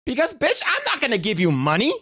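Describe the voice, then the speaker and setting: A man's voice: extremely high pitch, huge pitch swings, fast talker, bright, forceful tone, slightly rough. A man hosting a stream, reacting and telling stories in casual, rambling, profane chat full of fillers. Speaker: streamer host.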